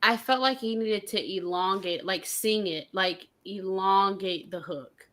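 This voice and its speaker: Bright-voiced woman co-host. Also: medium pitch, a little slow. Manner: teasing, unsure phrasing. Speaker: co-host of a music review show. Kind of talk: casual review chat.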